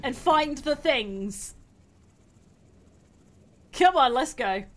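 High, lively woman streaming a game. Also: very slow. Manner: excitable, exclaims and laughs often. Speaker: streamer host. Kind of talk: live gameplay commentary.

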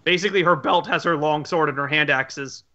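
A man with a high, bright voice talks through his character's moves in a rambling, casual way, full of restarts and asides. The audio sounds a little muffled and dull. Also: a little fast. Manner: rambling, describes his character in third person. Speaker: player. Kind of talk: casual tabletop game chat.

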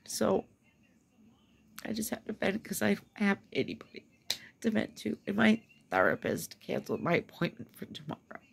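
A woman's voice: mid-range voice, sing-song, moderate pace, gravelly, slightly rough. A woman venting to the camera, upset and close to tears, swearing as she swings between whispers and angry outbursts. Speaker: vlogger venting. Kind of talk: emotional rant to camera.

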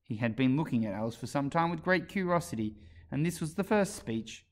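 A man reading a children's book aloud as a storyteller, with an expressive narration. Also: on the high side, a little fast. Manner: expressive, animated read-aloud.

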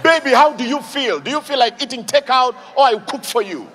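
A man doing stand-up comedy on stage, animated and shouting his punchlines. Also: very high-pitched, brisk, in a large hall, slight background noise.

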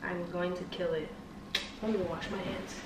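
A woman's voice: fairly low pitch, fairly even intonation, normal speed, far from the mic, heavy background noise. A young woman, talking casually and directly to her viewers in a home vlog. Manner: chatty, bubbly, talks straight to viewers. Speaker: vlogger. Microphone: phone on tripod. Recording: roomy home audio from a bit off-mic.

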